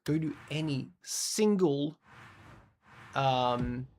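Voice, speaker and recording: A man's voice: on the high side, expressive, extremely slow, darkish tone, a little hiss or hum. A man from Australia with an Australian accent, casually chatting and swearing while streaming a game and reading out chat.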